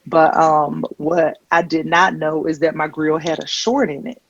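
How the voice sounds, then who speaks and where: A woman comedian performing a stand-up set, telling stories with deadpan, wry asides into a handheld stage mic. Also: sits low, measured pace, gravelly, muffled recording. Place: comedy stage before a live audience.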